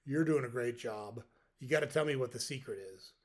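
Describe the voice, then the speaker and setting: A man's voice: mid-range voice, a little fast, lightly acted. A man voicing a luckless ice fisherman in a joke, polite and apologetic. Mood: puzzled.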